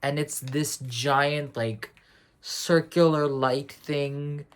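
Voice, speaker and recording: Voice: mid-range voice, fairly even intonation, drawn-out words. A speaker giving a casual spoiler review of a TV finale, rambling and slangy, often correcting and restarting mid-sentence. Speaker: TV series reviewer.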